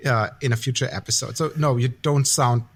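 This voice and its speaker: A man's voice: mid-range voice, a little fast, a little hiss or hum. A man hosts a podcast in a playful, joking way, teasing his guests. His voice comes through a video call. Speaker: podcast host. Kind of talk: casual chat.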